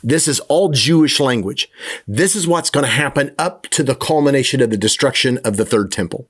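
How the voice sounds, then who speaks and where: A man's voice: medium pitch, expressive, brisk, breathy edge. Conversational male Bible teacher. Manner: conversational, acts out the disciples' questions with a raised voice.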